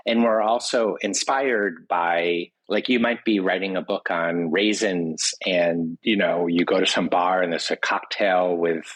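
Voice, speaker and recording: A man's voice: deep voice, husky, dry recording, poor audio. A man talking as a guest in a casual interview, rambling through anecdotes with many "you know" asides. He is from the United States. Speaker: guest, food writer.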